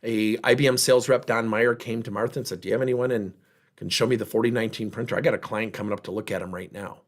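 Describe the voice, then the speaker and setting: A man's voice: on the low side, quick pace. A man giving a motivational workshop talk, telling stories and acting out the people in them. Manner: animated storyteller, voicing others in dialogue. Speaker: workplace trainer and speaker.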